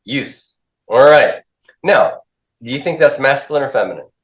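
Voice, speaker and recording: This man sounds animated, with medium pitch and a moderate pace, as he teaches, questions and drills students while repeating their answers. It's a call-and-response classroom lecture with noticeable echo.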